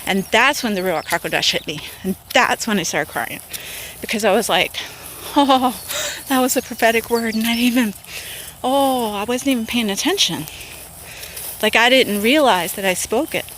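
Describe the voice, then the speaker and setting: A woman's voice: medium pitch, lively intonation, moderate pace, a bit bright, a little hiss or hum. A woman telling a casual, emotional testimony as a self-made minister. She says "like" and "okay?" a lot and acts out what she and God said. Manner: earnest and emotional, with many filler words like "like" and "okay?"; acts out quotes of herself and of God. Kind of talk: casual spoken testimony to the camera.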